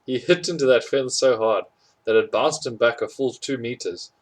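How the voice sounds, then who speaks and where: A man reads a storybook chapter aloud as an audiobook reader, amused by the tale, chuckling at the funny parts and correcting his own slips. His voice is medium-pitched at normal speed, and the audio is poor.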